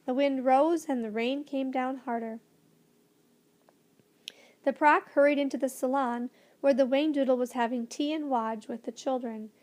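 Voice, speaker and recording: A woman's voice: on the high side, a little mellow. Woman reading a storybook aloud. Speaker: audiobook narrator. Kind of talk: scripted storybook narration.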